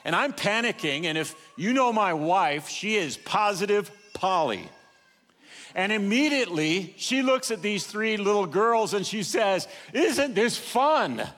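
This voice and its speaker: An older man preaching a sermon in a church auditorium, telling stories with swings in loudness and pace. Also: high voice, animated, a little slow, in a large hall. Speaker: pastor.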